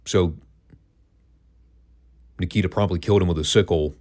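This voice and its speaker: A man with a very low voice talks through a casual retro review. His delivery is dry and sarcastic. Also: steady tone, moderate pace, warm tone. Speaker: wrestling podcast host.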